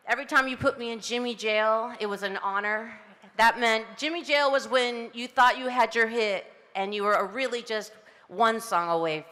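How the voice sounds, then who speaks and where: Woman from southern california telling stories in a thank-you speech, bright voice, lots of laughing, echoey outdoor ceremony. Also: medium pitch. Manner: chatty, laughing often, storytelling with quoted voices. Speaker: honoree giving a speech. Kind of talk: heartfelt acceptance speech.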